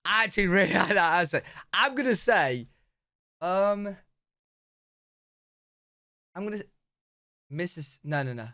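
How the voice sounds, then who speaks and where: A young British man reacting to video clips in a casual, excitable, slang-heavy way. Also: high-pitched, unhurried, pauses often, no echo, clean studio sound. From Britain. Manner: excitable, slangy, says "bro" a lot.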